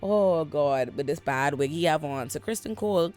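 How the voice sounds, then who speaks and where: A vlogger rattles through an episode recap at home, straight into their own camera. The telling is animated, profane and full of slang, while faint music hums in the background. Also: medium pitch, moderate pace. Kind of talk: casual recap commentary. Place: bedroom at home.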